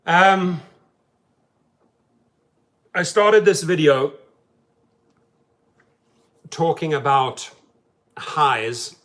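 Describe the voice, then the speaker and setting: A man hosting a casual livestream chat from his parked car, talking emphatically and then dropping to a soft, subdued tone. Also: a little high, expressive, very slow, pauses often. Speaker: rideshare driver and channel host.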